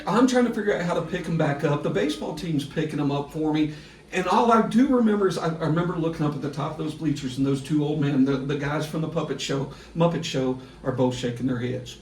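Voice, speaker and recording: A middle-aged man, a sports broadcaster guest on a podcast, telling a story in a lively way and laughing through it. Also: a little high, fast talker. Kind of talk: casual storytelling. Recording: echoey room, distant mic, faint hiss.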